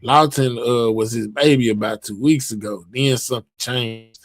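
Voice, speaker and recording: This livestream host talks at normal speed in a mid-range voice with fairly even intonation, captured as a dry, clean studio recording. He chats loosely and reads viewer comments, rambling through many fillers and restarts.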